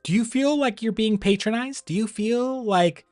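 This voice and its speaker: A man chatting casually on a livestream, rambling and animated, often laughing. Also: high-pitched, normal speed, hardly any pauses, no room sound, studio quality, soft background music. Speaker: streamer.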